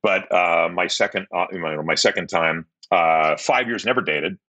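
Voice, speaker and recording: Bright-toned man telling life stories. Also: sits low, normal speed. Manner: rambling, repeats words, animated when retelling dialogue. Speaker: podcast guest, entrepreneur. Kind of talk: candid storytelling.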